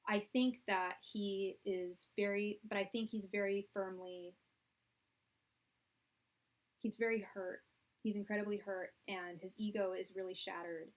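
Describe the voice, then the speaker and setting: Soft-voiced woman hosting a tarot live stream. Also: medium pitch, a little slow, long pauses, low-quality recording. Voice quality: soft, soothing voice. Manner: relaxed and chatty, with many fillers and restarts. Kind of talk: casual live-stream chat. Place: a room at her parents' house. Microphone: quiet, low-level live-stream audio.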